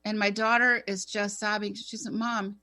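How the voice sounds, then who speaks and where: A woman on a talk radio show telling an emotional personal story in an earnest, animated way, often restarting her sentences. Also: medium pitch, moderate pace.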